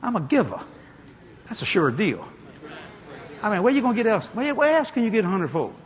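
A male preacher telling stories in a folksy, animated way, building to exclamations before a congregation. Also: high-pitched, fairly quick. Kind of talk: storytelling sermon. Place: church hall or auditorium. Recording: echoey hall with a congregation.

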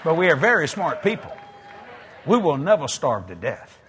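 A guest preacher with a South Louisiana Cajun accent delivers a humorous sermon packed with jokes and laughter, his voice on the high side at a normal pace. He's an animated storyteller who laughs at his own lines, and a crowd can be heard in the noisy background.

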